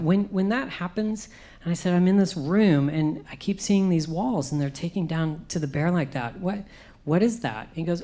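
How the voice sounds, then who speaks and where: Low-voiced woman telling her testimony. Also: warm tone. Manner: emotional storytelling, acts out her own past speech. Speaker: conference speaker. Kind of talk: personal testimony.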